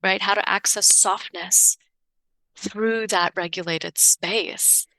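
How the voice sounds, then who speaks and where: A woman relationship coach as a podcast guest, talking casually and expressively, swearing freely and swinging her pitch when telling stories. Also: fairly even intonation, slow, sharp tone, no room sound. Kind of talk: casual conversational interview.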